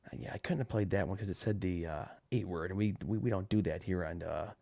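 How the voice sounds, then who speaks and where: A man's voice: sits low, fast, creaky, warm tone, no room sound. A man hosting a live podcast in casual chat, rambling off the cuff with lots of fillers and restarts. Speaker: podcast host. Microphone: desk microphone with a cover.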